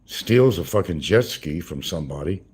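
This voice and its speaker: A man's voice: low-pitched, animated, normal speed, darkish tone, breathy edge. A man hosting a livestream, rambling through crude gossip with swearing and chuckles. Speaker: livestream host. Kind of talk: casual livestream commentary.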